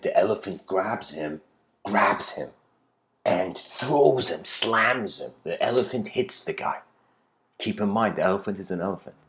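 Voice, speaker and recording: A man giving a spiritual lecture in a casual, rambling storytelling way, full of "you know" and "like", slowing down to stress key points. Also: fairly low pitch.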